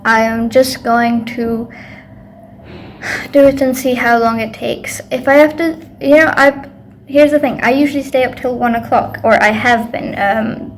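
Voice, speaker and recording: A woman's voice: on the high side, slight background noise. A young woman student chatting casually in a video diary, rambling with lots of fillers. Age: young adult. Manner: rambling, self-talking with many fillers. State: tired late at night. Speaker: student vlogger.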